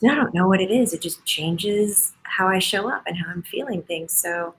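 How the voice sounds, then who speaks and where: A woman's voice: medium pitch, moderate pace, rough recording. A woman hosting a casual interview, gushing and effusive as she talks. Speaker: host.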